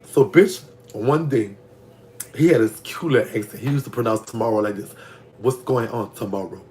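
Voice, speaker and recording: A man's voice: medium pitch, a little fast, a little mellow, a little hiss or hum. A man with a Louisiana Southern accent telling a prison story in casual, gossipy storytime talk, his voice leaping up when he reacts to comments. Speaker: vlogger telling prison stories.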